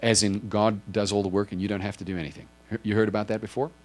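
Speaking fast in a lowish, flat voice with faint music in the background, this pastor delivers an earnest sermon. He works through his explanation on a drawn board and keeps checking that the congregation is following along.

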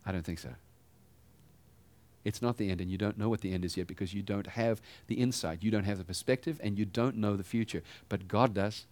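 A pastor giving a sermon in a conversational style, asking the congregation rhetorical questions. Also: male voice, lowish voice, brisk, a little mellow.

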